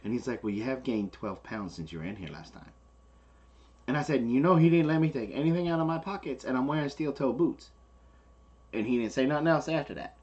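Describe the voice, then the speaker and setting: A man's voice: mid-range voice, brisk, muffled recording. A man telling a story in casual chat, acting out the people he quotes. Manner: animated, acts out the people he quotes. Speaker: co-host.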